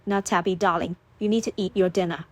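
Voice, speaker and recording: A woman's voice: on the low side, steady tone, a little fast, dry recording, lightly acted. A woman narrator voicing a firm, harried young mother of three in an audiobook, speaking in a scolding tone. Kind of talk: audiobook character voice.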